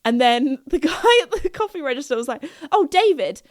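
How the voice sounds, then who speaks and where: A woman's voice: sits high, big pitch swings, a little fast, no room sound, studio quality. A young woman hosting a podcast, telling stories in a chatty, giggly way with lots of fillers. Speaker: podcast host. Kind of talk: casual chat.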